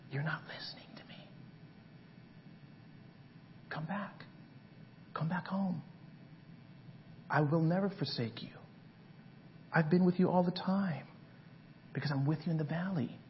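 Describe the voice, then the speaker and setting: A man playing God in whispered role-play, hushed and breathy, slightly raised pitch, dull recording with faint rumble. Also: in a large hall. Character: voice of God, tender, close, insistent male spirit.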